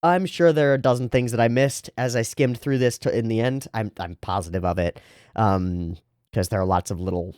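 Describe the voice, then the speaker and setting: A man records casual reaction commentary on an anime episode, his fairly low voice swinging widely in pitch as he gets animated. He laughs often and swears freely. The sound is dry and close, with no room echo.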